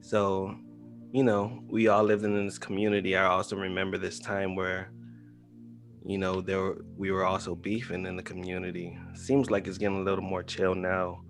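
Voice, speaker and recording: A man's voice: sits low, monotone, moderate pace, soft background music. A man co-hosting a podcast in a laid-back, chatty way. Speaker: podcast co-host. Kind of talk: casual podcast chat.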